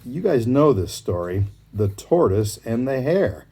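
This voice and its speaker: Mellow man reading fables aloud. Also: medium pitch, a little slow, husky. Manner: relaxed, easy reading with asides. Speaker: storyteller.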